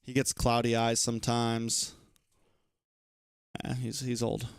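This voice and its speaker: A young man, an esports shoutcaster, chatting casually and slangily on a live stream and laughing easily. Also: mid-range voice, monotone, slow pace, creaky, smooth, no room sound, studio quality.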